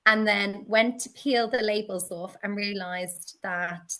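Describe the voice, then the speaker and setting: A woman being interviewed, telling stories in a lively way and acting out her own past reactions. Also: takes it slowly. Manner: animated, acts out her past self in high exclaims. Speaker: guest, teacher and candle maker. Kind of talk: conversational interview storytelling.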